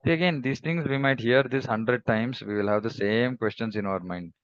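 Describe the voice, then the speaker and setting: A man giving a devotional scripture class in a reflective, measured way, pausing often and humming between thoughts. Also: medium pitch, no room sound, highs cut off. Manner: reflective, measured, with pauses and hums. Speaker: scripture teacher.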